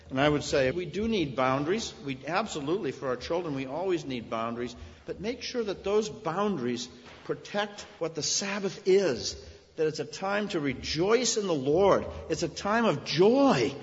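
Earnest pastor preaching in an echoey church. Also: male voice, fairly high pitch, lively intonation, normal speed, slight background noise. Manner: earnest, storytelling, rising to emphatic peaks. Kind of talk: sermon. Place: church sanctuary. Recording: echoey hall, dull sound.

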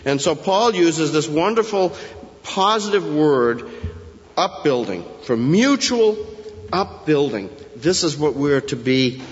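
A middle-aged male pastor preaching an expository sermon, with emphatic rises and quick asides. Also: fairly high pitch, big pitch swings. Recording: muffled, lo-fi sound in a reverberant hall.

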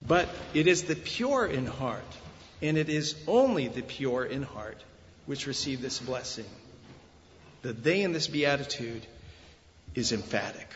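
A man preaching a sermon as pastor, emphatic, with deliberate pauses. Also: medium pitch, expressive, in a large hall, muffled recording, a little hiss or hum. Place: church sanctuary.

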